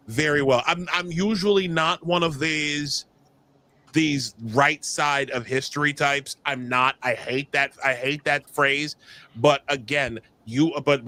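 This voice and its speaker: Male podcast host, bright tone, excitable chatter, slightly high voice. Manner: animated, excitable, repeats words. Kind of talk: casual chat.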